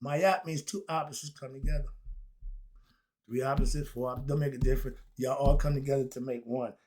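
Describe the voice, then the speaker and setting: A man's voice: medium pitch, fairly even intonation, brisk, darkish tone. A man teaching philosophy in an informal, preachy way, full of rhetorical questions and asides.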